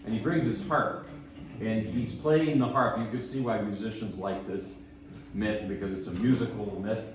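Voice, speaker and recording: Relaxed man talking in an echoey room. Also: lowish voice, moderate pace, background noise. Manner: relaxed, rambling, self-deprecating, with chuckles. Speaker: pianist giving a lecture recital. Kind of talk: casual spoken introductions between pieces. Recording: echoey room, mic at a distance.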